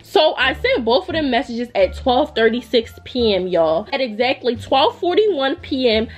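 A young woman vlogger telling a storytime in a heated, profane, animated rant. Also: high-pitched, normal speed, soft background music.

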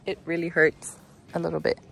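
A woman's voice: fairly low pitch, vocal fry, a bit bright, slight background noise. A young woman chatting casually as she films a hike outdoors, easygoing and narrating what she sees around her. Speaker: vlogger on a honeymoon hike. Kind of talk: casual vlog chat. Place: outdoor nature trail by a creek.

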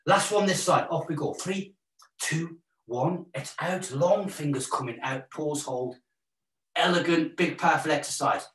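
A man's voice: a little high, unhurried, fairly bright tone. A Welsh man leading a live exercise class, encouraging and jokey as he counts out the moves and cues breathing. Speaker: fitness instructor. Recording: roomy echo, mic at a distance.

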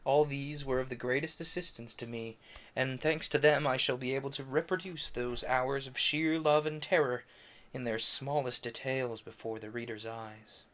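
A man's voice: medium pitch, fairly even intonation, moderate pace, fairly bright tone. A man reading a classic novel aloud on a stream, tripping over French names, correcting himself and adding brief offhand asides. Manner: adds brief offhand asides between passages. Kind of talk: casual read-aloud narration.

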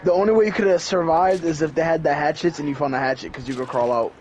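A man's voice: a little high, fairly even intonation, fast, a little mellow, a little hiss or hum. A young man chatting casually during a game, teasing his friend and joking around. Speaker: gamer. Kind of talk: casual gaming chat.

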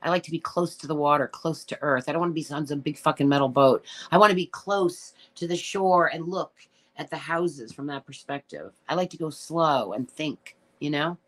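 A woman's voice: deep voice, normal speed. A middle-aged woman hosting a casual livestream, reading viewer comments and answering them in a blunt, emotional way with plenty of swearing. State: tearful at times. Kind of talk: casual live chat.

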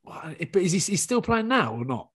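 A man's voice: high voice, sing-song, moderate pace, a bit bright, breathy edge. A man co-hosting a podcast, joking and teasing in casual banter, with the odd swear word. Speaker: podcast co-host.

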